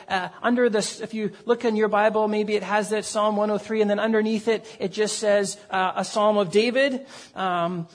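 A man preaching a sermon as pastor, earnest and conversational, with frequent fillers and repeated words. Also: high-pitched.

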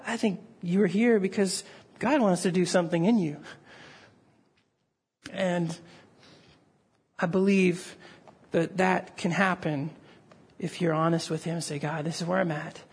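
A middle-aged man preaches to his congregation in an earnest, pleading way, his voice rising as he presses a point. The tone is breathy and slightly husky. He speaks like a pastor drawing listeners toward a personal response. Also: high voice, fairly even intonation, unhurried, pauses often. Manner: earnest, pleading, rises when stirred. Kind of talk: sermon. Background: gathered congregation.

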